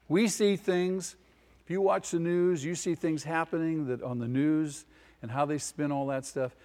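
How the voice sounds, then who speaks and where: A man's voice: fairly high pitch, moderate pace, darkish tone. A male pastor preaching a sermon with emphasis. He repeats key phrases and asks the congregation questions. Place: church hall. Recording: long hall reverb.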